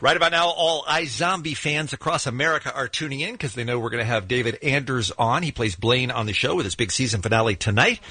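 A man's voice: mid-range voice, fast, hardly any pauses, husky, no room sound. A middle-aged man hosting a morning radio show, chatting and reading a story aloud with lots of energy. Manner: animated storyteller, laughs while reading. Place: radio studio.

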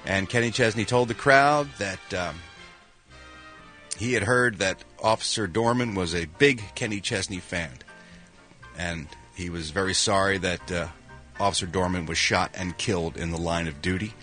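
A man from Philadelphia hosting a morning radio show, reading entertainment news in an animated, jokey way with quick voiced reactions. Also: low voice, soft background music. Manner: animated, jokey, with quick sound-effect interjections. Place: radio studio.

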